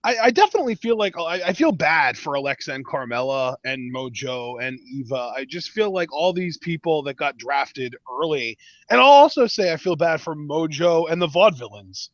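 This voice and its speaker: This man's voice is on the high side with lively intonation at normal speed, heard on a dull, dry lo-fi podcast recording. Co-hosting a casual wrestling review show, he gives emphatic, opinionated takes with frequent restarts.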